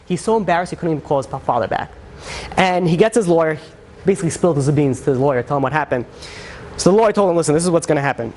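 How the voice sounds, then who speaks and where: Fast-talking rabbi telling a story. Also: male voice, a little hiss or hum. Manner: animated storyteller, acts out characters with shifts in pitch; conversational, many fillers. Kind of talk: storytelling sermon.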